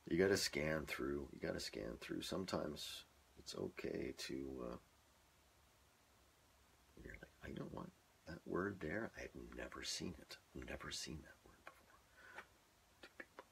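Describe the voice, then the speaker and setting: A man's voice: very deep voice, expressive, measured pace, gravelly, pauses often, fairly bright tone, slight background noise. A man in his garage practicing voice-over script reads into a microphone, repeating each line in different ways and chatting between takes. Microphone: microphone on a stand, phone in front.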